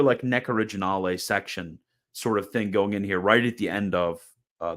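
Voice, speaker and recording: A man with a fairly low voice talks through a casual explanatory video lecture. His delivery is chatty and informal. He often doubles back on his words, and a dry, mildly sarcastic streak runs through it. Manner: chatty and informal, repeats words and restarts phrases. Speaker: host of a theology video channel.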